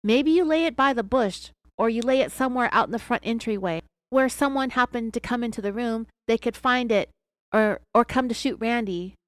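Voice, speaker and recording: A woman's voice: a little high, a little fast, no echo, natural voice. A woman voicing a male federal agent who pushes hard in an interrogation. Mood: insistent. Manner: insistent, pressing, raised voice.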